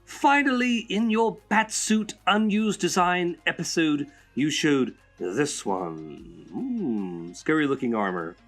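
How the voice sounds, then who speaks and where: A man's voice: fairly high pitch, lively intonation, takes it slowly, few pauses, a bit bright, soft background music, pitched above the performer's own voice, exaggerated voice. A man putting on a Joker voice to read out a listener's letter, theatrical and sing-song. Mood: playful. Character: man doing a Joker voice reading a fan letter. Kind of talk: reading a listener letter aloud.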